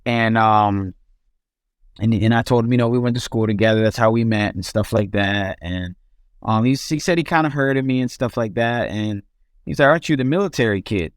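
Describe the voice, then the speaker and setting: A man's voice: fairly low pitch, steady tone, moderate pace, clean tone, dry recording, studio quality. A young man, a podcast guest, telling his own story in casual speech with frequent restarts and fillers.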